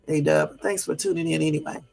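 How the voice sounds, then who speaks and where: A man with a gravelly, raised voice hosts a casual livestream and talks in an indignant, rambling way. He fills his talk with "um" and speaks straight to his live viewers. Soft music plays faintly behind him. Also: a little high, steady tone, brisk. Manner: indignant, rambling with many fillers; chats with and answers live viewers. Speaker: livestream host.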